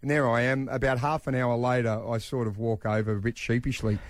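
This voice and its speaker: A middle-aged man with an Australian accent, telling a story on breakfast radio in an animated way, close on a studio mic. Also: a little fast, no room sound. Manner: animated yarn-spinning, jumps into high voices for quotes. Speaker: radio co-host.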